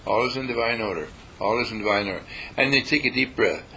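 Folksy and repetitive, this meditation lesson comes from a California dean and spiritual teacher whose mid-range voice is bright, forceful and quick, breaking into panicked voices to make a point. Poor audio and faint noise run underneath.

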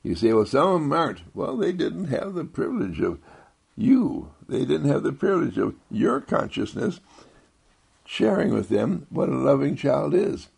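A man giving a gentle inspirational monologue, soft-spoken and rambling, repeating himself and chuckling often. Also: big pitch swings, unhurried, gravelly, husky. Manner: swoops high when quoting others.

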